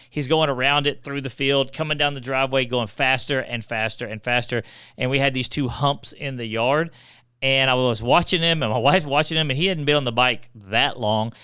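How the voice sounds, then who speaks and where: A middle-aged man, a podcast co-host telling funny family stories in a chatty, animated way. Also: medium pitch, smooth, no echo, studio quality. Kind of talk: casual storytelling.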